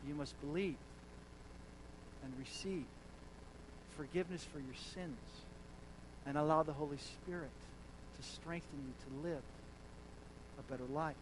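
High-voiced, slow-speaking male preacher. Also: background noise. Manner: swings from hushed lows to loud, emphatic declarations. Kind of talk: sermon.

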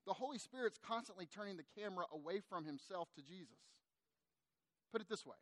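A middle-aged man, a pastor, preaching a sermon in a conversational, animated way and speaking directly to his congregation. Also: sits high, fast, dry recording.

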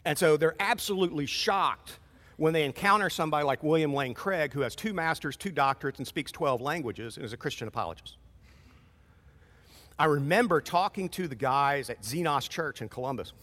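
A man preaching a sermon in a conversational, animated way, acting out short quoted exchanges. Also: on the high side, a little fast, big-room sound. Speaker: pastor.

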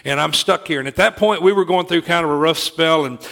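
A man's voice: fairly high pitch, brisk, gravelly, pushed and bright. A middle-aged man preaching a sermon, telling a personal story in an earnest way and often restarting his sentences.

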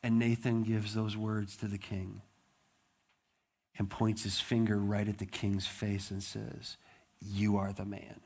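A man preaching a sermon, retelling a story with animated, acted-out dialogue. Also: on the low side, a little slow, creaky, slightly rough. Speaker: pastor.

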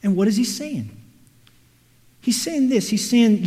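A man preaching a sermon, animated, acting out quotes and everyday scenes. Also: high-pitched, unhurried. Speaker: pastor. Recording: reverberant hall.

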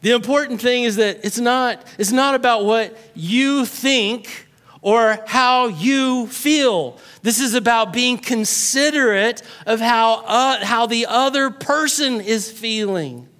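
A middle-aged man preaching a sermon as a pastor, animated and joking, acting out quoted voices. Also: very high voice, slow pace, smooth.

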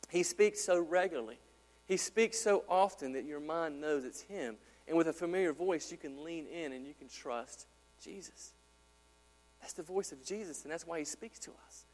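A male pastor with a deep voice preaches a sermon in a church sanctuary, speaking conversationally and putting questions to his congregation. The recording carries hall reverb and mains hum.

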